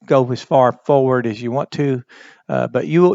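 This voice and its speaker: A man giving a recorded Bible Greek lesson, speaking slowly and deliberately, with frequent pauses and fillers. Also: mid-range voice, gravelly, dark tone, dry recording. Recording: dry, dull lo-fi recording.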